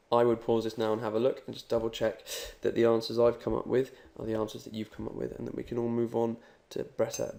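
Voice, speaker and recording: Upbeat man teaching a recorded language lesson, mellow, heavy fry. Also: mid-range voice. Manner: upbeat, talks straight to the learner. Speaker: Spanish teacher.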